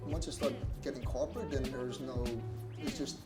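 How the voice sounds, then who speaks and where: A man speaks casually and with animation, often breaking into laughter as he tells a story. His voice sits at a middle pitch. The room echoes, and music plays loudly behind him. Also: steady tone, normal speed. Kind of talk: casual interview chat. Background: loud background music.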